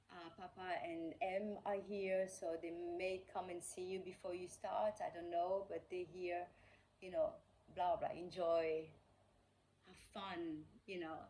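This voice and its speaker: A woman's voice: on the low side, darkish tone, slight background noise, low-quality recording. A woman vlogger casually telling a personal story, rambling with lots of fillers and acting out the quoted dialogue. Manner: rambling, heavy on fillers like "like" and "you know".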